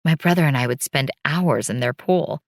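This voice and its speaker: A woman's voice: low-pitched, moderate pace, vocal fry, dry recording, clean studio sound. A woman narrating a first-person story as an audiobook, in a wry, bitter tone.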